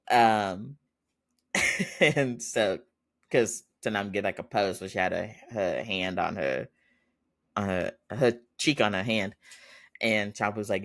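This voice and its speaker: A man's voice: on the low side, takes it slowly, fairly bright tone. A man hosting a podcast, chatting casually through an episode recap with lots of fillers and frequent laughs. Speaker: podcast host.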